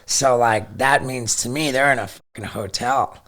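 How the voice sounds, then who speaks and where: A middle-aged man telling a story as a podcast guest, excitable, swearing freely and repeating words as he goes. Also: mid-range voice, moderate pace. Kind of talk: casual storytelling.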